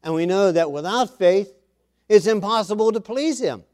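A man preaching a sermon, reading scripture aloud and swelling louder on the quoted words. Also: high voice, animated, moderate pace.

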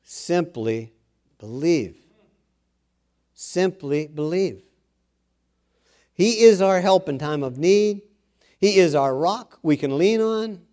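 A man's voice: high-pitched, animated, a little slow, darkish tone. A man preaching a sermon, earnest, with self-deprecating asides, rising in force when he exhorts.

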